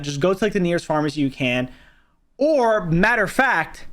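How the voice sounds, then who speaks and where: Animated young man telling a wild story. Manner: animated, profane, jumps to high exclaims. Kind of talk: casual storytelling on a livestream.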